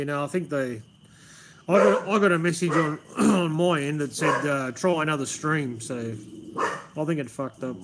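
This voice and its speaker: An Australian man rambles casually on a live stream outdoors under a pergola, swearing and saying "man" a lot. His voice is a little high, and there's a slight hiss or hum in the audio.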